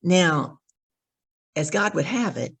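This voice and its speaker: A middle-aged woman, a guest on a podcast, telling an animated story and acting out the dialogue in it. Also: low-pitched, slow pace, creaky, breathy edge. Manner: acts out the dialogue in her stories. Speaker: podcast guest, professional speaker.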